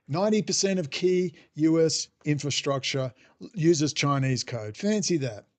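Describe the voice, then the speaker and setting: A man's voice: a little high, animated, moderate pace. A man ranting sarcastically in a monologue as podcast host. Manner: irreverent, sarcastic, mocking voices.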